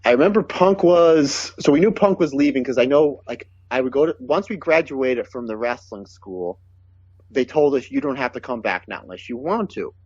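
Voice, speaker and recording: A man telling lively stories and quoting the people in them, recorded in a dry, close space. The audio is a little dull and lo-fi, and his voice sits at an everyday middle pitch. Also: normal speed, slightly rough, dry recording. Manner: animated, quotes others in his stories. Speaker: guest, pro wrestler. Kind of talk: casual storytelling.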